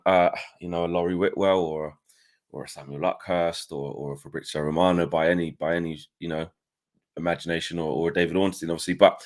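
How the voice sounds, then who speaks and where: Energetic lower-pitched male podcast host. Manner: energetic, chatty, many fillers and restarts. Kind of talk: casual football podcast chat.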